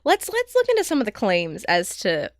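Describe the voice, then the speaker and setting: A woman co-hosting a podcast in casual chat, animated and teasing, full of fillers. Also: mid-range voice, moderate pace, no echo, clean studio sound. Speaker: podcast co-host.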